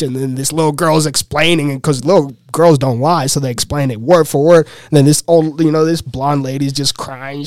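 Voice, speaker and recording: A young man from Uganda, a podcast guest, telling a personal story in an animated, casual way full of "like" and "you know". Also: on the high side, brisk, hardly any pauses, no room sound, studio quality.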